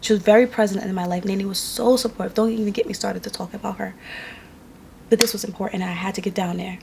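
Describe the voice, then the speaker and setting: A woman's voice: medium pitch, steady tone, fast, creaky, noisy background. A young adult woman from New York tells a personal story to camera in a candid, emotional, conversational way, indoors at home. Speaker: vlogger. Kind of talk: casual storytelling vlog.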